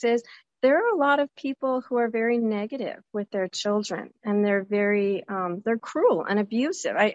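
A woman's voice: a little high, dry recording, dull audio. A woman in her forties hosting her own show, talking candidly and animatedly outdoors, sometimes slipping into the voices of people she remembers. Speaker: podcast host. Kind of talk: casual personal monologue. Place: outdoors at a zoo by a lake.

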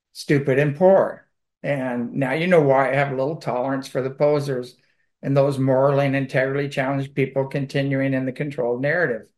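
A man talks in a loose, rambling monologue at a middle pitch, full of fillers and restarts. His tone is sardonic and mocking as he comments. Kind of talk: casual monologue.

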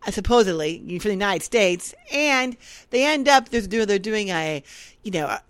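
A woman co-hosting a casual chat show, talking in an animated way with lots of fillers and quoted asides. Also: medium pitch, moderate pace, clean tone. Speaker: podcast co-host.

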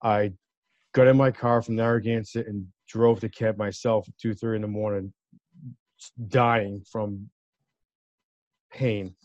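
A man's voice: fairly low pitch, unhurried, pauses often, no echo. Man telling a story, muffled dry sound. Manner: animated, acts out quoted voices. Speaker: guest. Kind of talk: casual storytelling.

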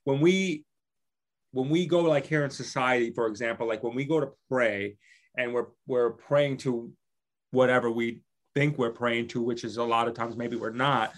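A man hosting a casual interview, asking long, halting questions full of fillers and restarts. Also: mid-range voice. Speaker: interview host.

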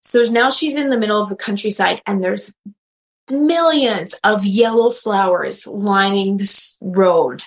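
A woman who works as a medium and animal communicator, telling a story in a casual interview and acting out the quotes with big jumps in pitch. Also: unhurried, rough recording.

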